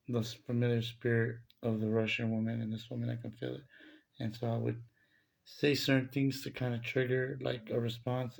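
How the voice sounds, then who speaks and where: A man's voice: medium pitch, gravelly, darkish tone. A man telling a personal spiritual testimony in a casual, rambling way, with many fillers and restarts.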